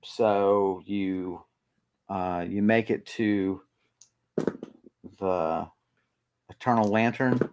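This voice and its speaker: A man guides the players through a tabletop role-playing scene. His voice sits on the low side and moves at an unhurried pace. He stops often, filling the gaps with ums as he works out what happens next. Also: steady tone, a little mellow, clean tone. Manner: halting, many ums and pauses. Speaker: game master. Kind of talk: narrating a tabletop game.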